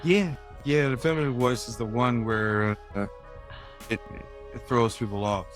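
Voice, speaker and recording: A man hosts a casual interview, his voice at a plain middle pitch. He talks in a relaxed, halting way, full of small fillers, while faint music plays underneath. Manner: laid-back, halting, with many "um" and "you know". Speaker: show host.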